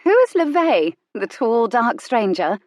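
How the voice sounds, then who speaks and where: A woman voicing a composed young society lady who speaks in a clipped, brisk way. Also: on the high side, big pitch swings, darkish tone, no echo, studio quality, voice pushed up. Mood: curt.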